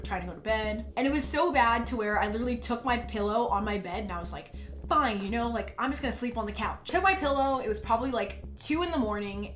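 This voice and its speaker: A woman's voice: a little high, slight background noise. Chatty young woman telling a storytime. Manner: chatty, filler-heavy, animated storytelling. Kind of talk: casual storytime. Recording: echoey room with faint ambience.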